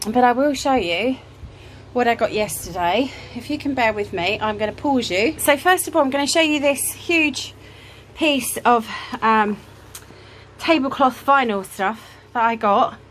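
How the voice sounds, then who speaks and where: Chatty woman, slightly high voice. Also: lively intonation, measured pace, fairly bright tone, slight background noise, rough recording. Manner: chatty and rambling, with frequent ums and little laughs. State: a bit out of breath. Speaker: craft vlogger. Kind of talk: casual vlog chat. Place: home craft room, indoors. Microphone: handheld camera.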